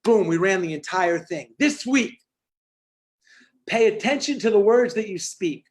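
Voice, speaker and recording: Punchy motivational speaker, forties, high-pitched voice, lively storytelling on a call. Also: male voice, a little slow. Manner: energetic, punchy storytelling with acted-out quotes. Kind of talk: storytelling talk on a video call.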